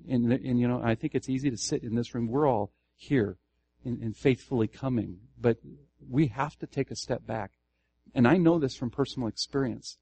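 An earnest man leads a Bible study for a church group, often restarting his phrases and asking the room questions. His voice is of middling pitch and sounds close and dry, with no room echo. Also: gravelly, mellow. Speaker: Bible teacher. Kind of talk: Bible study teaching to a congregation.

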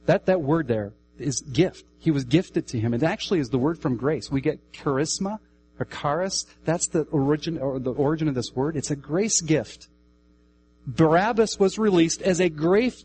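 A man preaches a sermon with emphasis, repeating key phrases and swinging between raised, high-pitched declarations and quieter, lower passages. The recording is rough, with slight background noise.

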